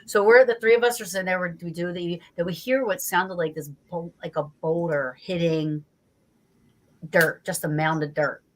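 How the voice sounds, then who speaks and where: Jersey woman telling a story as a guest, lowish voice, animated, swears a lot, acts out her reactions. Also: moderate pace. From New Jersey. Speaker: guest investigator. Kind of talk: casual storytelling interview.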